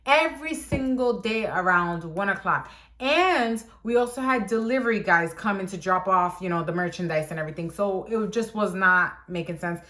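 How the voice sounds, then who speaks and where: A woman's voice: medium pitch, expressive, moderate pace, bright, forceful tone. A young woman casually telling a story about a job, chatty and exasperated, repeating phrases for emphasis.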